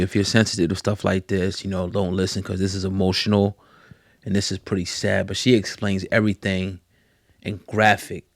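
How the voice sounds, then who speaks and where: A man hosting a hip-hop news channel, introducing a clip in a laid-back, steady commentary style. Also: fairly low pitch, creaky, dry recording, clean studio sound.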